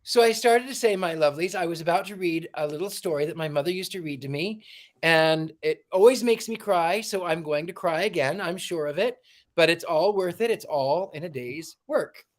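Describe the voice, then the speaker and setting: A man hosting a livestream with a warm, theatrical, exclamatory manner, chatting and reading a storybook aloud. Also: a little high, normal speed. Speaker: livestream host.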